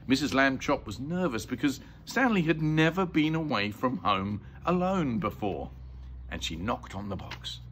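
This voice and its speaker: An older man reading a children's book aloud in an expressive, lilting way. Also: medium pitch, moderate pace, a little hiss or hum. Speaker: storyteller.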